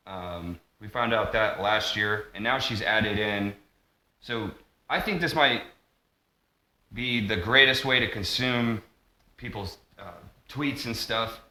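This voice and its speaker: In a loose monologue vlog, a man drifts from tangent to tangent, full of fillers and restarted sentences. His lowish voice has a bright, forceful edge that bounces around an echoey room.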